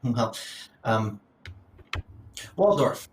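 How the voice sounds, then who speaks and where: A man's voice: medium pitch, animated, drawn-out words, slight background noise. Man narrating a tabletop game from afar. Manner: loose, rambling narration with fillers. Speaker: game master. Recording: roomy sound from a distant mic.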